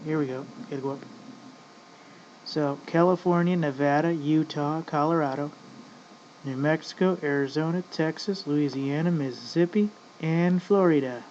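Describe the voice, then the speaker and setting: A man's voice: on the high side, moderate pace, a little mellow. Rambling profane man, lo-fi audio. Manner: profane, rambling, keeps saying "folks". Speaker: vlogger. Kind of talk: casual ranting commentary. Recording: dull lo-fi audio with faint noise.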